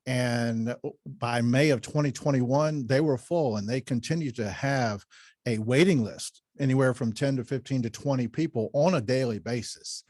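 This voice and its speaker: A man guesting on a radio show, answering in a measured, fact-heavy way with some fillers. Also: medium pitch, darkish tone, dry recording, clean studio sound. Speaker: radio guest, shopping center manager. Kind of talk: radio interview. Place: radio studio.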